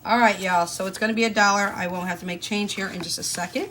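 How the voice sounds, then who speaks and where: A woman's voice: medium pitch, steady tone, fast talker, fairly bright tone, a little hiss or hum. A woman, chatting casually and folksily to her viewers while stuffing cash envelopes. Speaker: budgeting vlogger. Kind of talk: casual chat to camera.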